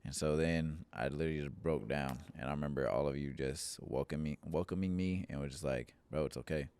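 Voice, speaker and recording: A young man with an extremely deep, smooth voice shares his own story in an easygoing, earnest way. He sounds close to the mic in a dry room with no echo. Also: fairly quick, darkish tone. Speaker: church member, podcast guest. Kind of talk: casual podcast chat, personal testimony.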